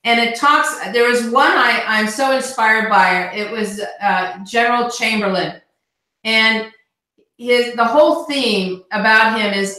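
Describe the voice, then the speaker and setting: Woman, earnest motivational talk, slightly high voice, echoey call audio. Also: unhurried, bright, forceful tone. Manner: earnest, repeats words when starting. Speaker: guest speaker on team call. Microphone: video call.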